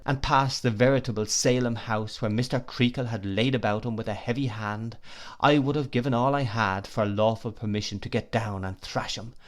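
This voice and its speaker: A man narrating a classic novel in the first person, reading at a measured pace. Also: mid-range voice. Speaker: audiobook narrator.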